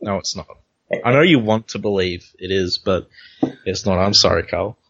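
An easygoing man hosting a casual comic book chat, describing panels one by one in a fairly low voice. The recording sounds dull and lo-fi. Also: moderate pace, vocal fry, fairly bright tone. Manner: easygoing, narrates panels step by step. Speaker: podcast host.

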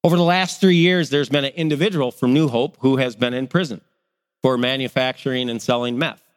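A middle-aged man preaching a sermon, animated, acting out people's reactions as he tells stories. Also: medium pitch, a little fast, in a large hall. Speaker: pastor.

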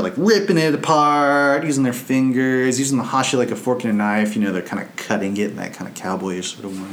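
A Buddhist monk with a lowish voice tells a story from his training in a loose, chatty Dharma talk. The sound is roomy and echoey, with a faint low rumble underneath. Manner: conversational, loose and anecdotal.

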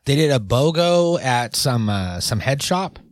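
A man's voice: mid-range voice, sing-song, unhurried, no echo, studio quality. A man hosting a podcast in casual, rambling chat, joking and leaning on fillers. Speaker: podcast host.

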